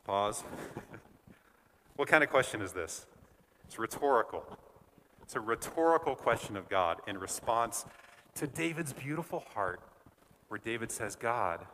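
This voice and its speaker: A man leading a Bible study, reading scripture aloud and explaining it in a conversational, animated way. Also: medium pitch, unhurried, pauses often, in a large hall, slight background noise. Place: church. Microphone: wore a face mask at first.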